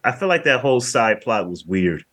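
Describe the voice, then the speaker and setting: A man's voice: mid-range voice, sing-song, moderate pace, fairly bright tone. A man casually chatting as a podcast co-host, rambling and often repeating his words. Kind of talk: casual movie review chat.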